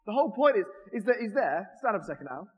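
A man with a notably high voice preaches a lively, conversational sermon, joking with his congregation. The sound carries the long reverb of a church hall. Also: fast, breathy edge, dull audio. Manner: animated, jokes with the congregation.

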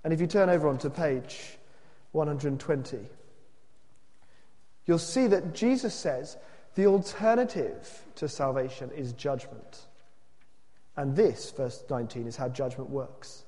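A man preaching a sermon and reading a story aloud, expressive and questioning, with dramatic drops to a hush. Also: on the high side, unhurried, pauses often, long reverb tail.

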